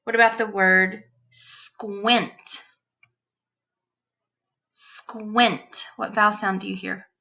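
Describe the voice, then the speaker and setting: Woman teacher for a children's phonics lesson: unhurried, crisp and bright, careful sound-by-sound delivery, slightly dull lo-fi recording. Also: medium pitch, steady tone. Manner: slow, clear, deliberate sounding-out of phonemes.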